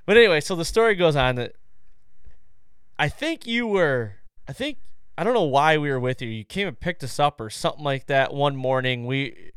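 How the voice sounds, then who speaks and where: Animated profane storytelling man. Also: on the high side, moderate pace, clear, resonant tone, no echo, clean studio sound. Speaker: podcast host. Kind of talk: casual storytelling chat.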